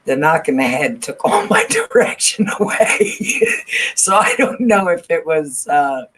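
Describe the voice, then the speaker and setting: A woman's voice: sits low, very animated, unhurried, a bit bright, breathy edge. A woman co-hosting a casual podcast chat, laughing often and poking fun at herself. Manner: laughs often, self-deprecating. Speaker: podcast co-host.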